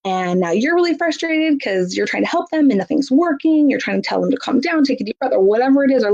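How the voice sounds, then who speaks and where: A woman's voice: high voice, animated, brisk, creaky, few pauses, darkish tone. A woman giving a casual parenting lesson, chatty and full of fillers, acting out feelings with a bigger voice. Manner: chatty, many fillers, acts out emotions in bigger voice. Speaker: parenting educator. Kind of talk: casual instructional talk. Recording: dull lo-fi audio.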